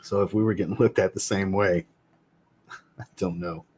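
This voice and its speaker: A man's voice: deep voice, steady tone, normal speed, a little mellow, slight background noise. A man in his thirties hosting a casual live chat about fragrances from home, blunt and joking, and he swears casually. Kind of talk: casual livestream chat answering viewers. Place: home room with a fragrance shelf.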